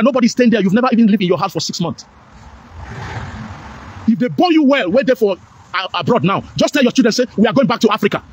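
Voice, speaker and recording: A man's voice: very high-pitched, slight background noise. A middle-aged Nigerian man with a Pidgin-tinged accent, giving an impassioned, preachy monologue as a political commentator, repeating his points with emphasis.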